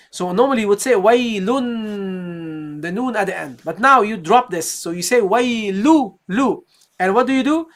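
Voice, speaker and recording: Role: recitation teacher. Style: live online tajweed lesson. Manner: patient, repetitive, models drawn-out syllables. Pace: unhurried. Pitch: mid. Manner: patient, repeats each sound several times, addresses viewers as guys.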